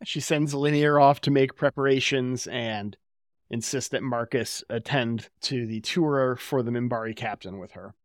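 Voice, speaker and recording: A man's voice: medium pitch, unhurried, no room sound, clean studio sound. A man co-hosting a podcast, recapping an episode in casual chat with wry, casual swearing. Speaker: podcast co-host.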